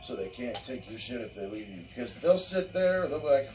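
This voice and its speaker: A man hosting a loose late-night chat, ranting bluntly and cursing freely. His voice sits at an ordinary pitch. He is a little far from the mic, with faint crickets behind. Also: very animated, moderate pace, hardly any pauses, a little mellow, a little hiss or hum. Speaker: show host. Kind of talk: casual crude podcast chat.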